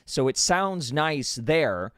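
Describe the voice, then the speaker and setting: Excitable man rambling on a live stream. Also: a little high, slow, smooth, no room sound, studio quality. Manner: excitable, rambling, with many restarts. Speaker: livestream host. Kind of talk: casual live-stream chat. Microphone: dynamic studio broadcast microphone.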